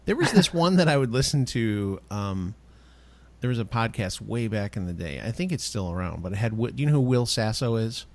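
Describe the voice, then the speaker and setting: A man's voice: fairly low pitch, animated, brisk, darkish tone. A man hosting a podcast in casual chat, telling stories with animation and laughing often. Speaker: podcast host.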